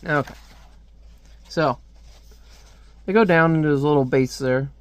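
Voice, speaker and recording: A man's voice: fairly high pitch, measured pace, highs cut off. A man casually reviewing a comic book on video, rambling with lots of filler words and restarts, close to the mic at home.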